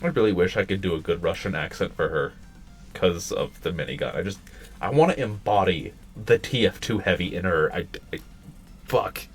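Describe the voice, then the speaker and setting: A man's voice: low voice, lively intonation, normal speed, soft background music. A man streaming, reading a game aloud and dropping blunt, profane asides. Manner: blunt, swears offhand. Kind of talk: casual commentary while reading a game aloud.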